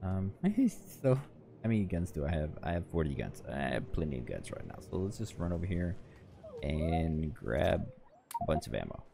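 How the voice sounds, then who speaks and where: A man's voice: sits low, sing-song, moderate pace, creaky, background noise. A tired man giving rambling, chatty commentary over his own gameplay, often correcting himself as he goes. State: tired, yawning. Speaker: gaming channel host.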